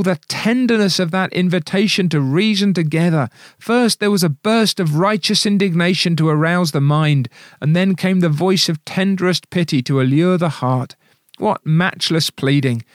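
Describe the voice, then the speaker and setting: Man, preacher, sermon, earnest pleading delivery, slightly high voice, dry recording. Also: dry recording. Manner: earnest pleading delivery, reads quotations aloud.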